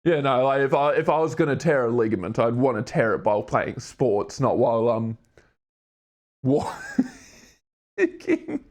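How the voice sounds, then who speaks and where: A young man livestreaming a puzzle and chatting with his viewers. He swears a lot, laughs often, and jokes around goofily. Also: a little mellow. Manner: profane, goofy, laughs often; slips into silly high put-on voices. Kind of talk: casual livestream chat while doing a puzzle.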